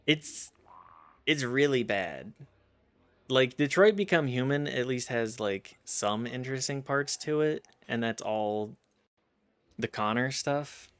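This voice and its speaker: A man streaming a game, chatting casually with a rambling, self-deprecating manner and vocal fry. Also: mid-range voice, expressive, slow pace, a bit bright, no room sound. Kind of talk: casual gaming chat.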